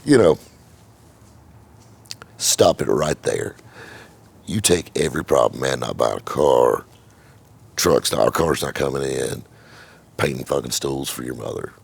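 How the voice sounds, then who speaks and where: A man's voice: very deep voice, lively intonation, a little slow, vocal fry, pauses often, breathy edge. A middle-aged man, a car dealer, telling a rambling, profane story in casual chat, with many repeated words. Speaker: car dealer and channel host.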